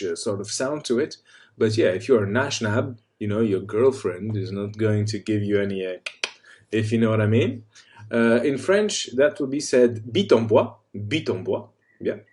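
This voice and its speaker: A man's voice: mid-range voice, darkish tone. A man giving a playful, casual tutorial, rolling out foreign swear words with relish. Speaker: language tutor. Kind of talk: casual comic tutorial on insults.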